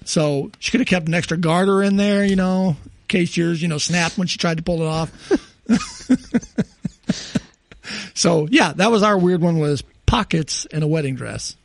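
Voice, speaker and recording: A man's voice: sits high, very animated, normal speed, gravelly, pauses often, no echo. A middle-aged man co-hosting a casual podcast, telling rambling stories full of fillers. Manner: rambling storyteller, trails off with fillers. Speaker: podcast co-host. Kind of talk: casual chat.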